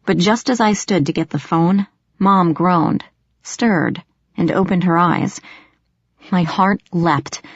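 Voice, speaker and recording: Woman narrating an audiobook, lowish voice. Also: slow pace, breathy edge, no room sound, muffled recording. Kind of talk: first-person audiobook narration.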